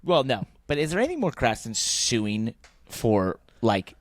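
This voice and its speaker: A man co-hosting a motorsport podcast in casual chat, rambling and thinking aloud, growing animated when he rants. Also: mid-range voice, measured pace, no room sound, studio quality. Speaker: podcast co-host.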